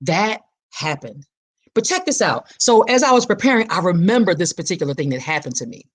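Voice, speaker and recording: Husky, lowish and sing-song, the voice belongs to a woman in her forties who talks briskly on her podcast. Her reflective, personal talk has a forceful, sermon-like quality, with her main phrases said again and again.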